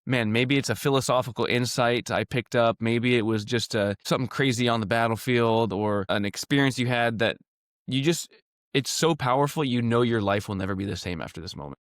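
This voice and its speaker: A male podcast host asking questions in an upbeat, halting way and restarting his sentences. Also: medium pitch, no room sound, studio quality. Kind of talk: casual interview chat.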